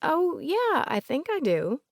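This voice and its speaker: A woman voicing an older woman with a soft Southern accent, polite and remorseful, recalling family memories in a gentle, chatty way. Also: high voice, wildly swooping pitch, takes it slowly, gravelly, no echo, studio quality, voice pushed up, heavily acted.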